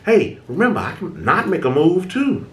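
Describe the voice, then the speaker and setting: Lively conversational man in an echoey room. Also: sits high, normal speed. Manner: conversational, acts out inner thoughts, repeats words. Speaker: self-help video host. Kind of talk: casual motivational talk to camera.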